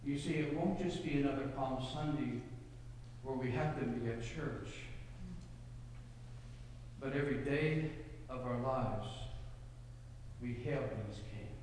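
A man preaching a sermon as a pastor, telling a parable with dramatic, loud punches on quoted lines. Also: mid-range voice, unhurried, long pauses, a little hiss or hum. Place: church. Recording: echoey hall, mic at a distance.

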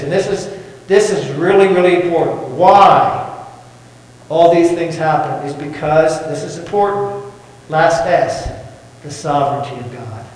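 Pastor preaching in an echoey hall. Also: male voice, fairly high pitch. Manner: folksy, asks the congregation questions. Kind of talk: sermon. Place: church sanctuary. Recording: echoey church hall from far off.

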